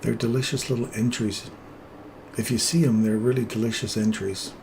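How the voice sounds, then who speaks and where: A man hosting a live trading stream, explaining chart entries in a relaxed, jokey way. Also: on the low side, normal speed, a little hiss or hum. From England.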